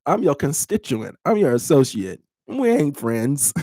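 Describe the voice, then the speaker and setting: A man's voice: fairly high pitch, sing-song, unhurried, darkish tone, a little hiss or hum. A man in his thirties hosting a casual podcast, talking bluntly to his live chat, teasing and laughing often. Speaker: podcast host.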